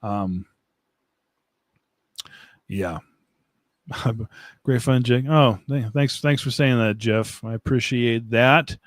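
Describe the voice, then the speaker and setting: A man chats his way through a live stream at an average pitch, rambling and poking fun at himself with frequent laughter. He answers viewers' comments as they arrive. His voice sits close and dry on the mic. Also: slow, pauses often, no echo. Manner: rambling and self-mocking, laughs often, answers chat comments. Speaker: livestream host. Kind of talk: casual live-stream chat. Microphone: desk mic, streaming setup.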